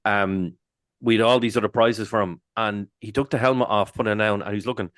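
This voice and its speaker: A man with an Irish accent, co-hosting a podcast and telling stories in casual chat, animated and swearing freely. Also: lowish voice, fairly quick, dry recording, clean studio sound. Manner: animated, swears freely, jumps into loud quoted exclamations. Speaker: podcast co-host.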